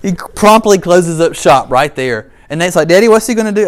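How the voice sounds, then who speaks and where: A middle-aged man delivers a sermon in an animated, storytelling way. He mixes scripture with funny personal asides. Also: sits high, a little fast, few pauses. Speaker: pastor.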